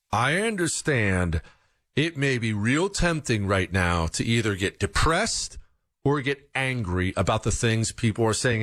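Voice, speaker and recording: Male commentator, very lively delivery, dry close mic, rhetorical and conversational. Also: no room sound. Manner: animated, rhetorical questions, mock-quotes in a higher voice. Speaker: political commentator. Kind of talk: opinion monologue to listeners.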